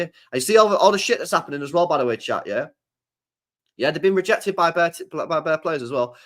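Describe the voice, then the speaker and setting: A man's voice: on the high side, expressive, fairly quick. A man hosting a live stream, ranting about football in a repetitive, slangy, sweary way. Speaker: streamer host.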